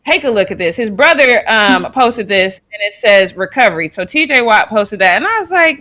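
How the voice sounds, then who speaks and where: Bright-voiced, animated woman co-host. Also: on the high side, normal speed. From Colorado. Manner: animated, laughs easily, stumbles over names. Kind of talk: casual sports chat show.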